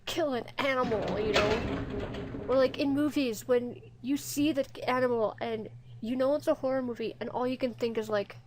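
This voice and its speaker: A woman's voice: on the high side, steady tone, normal speed, background noise. A woman commenting casually on a horror game, reading its text aloud and talking to her viewers. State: near tears. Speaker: gaming YouTuber. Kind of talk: let's play commentary.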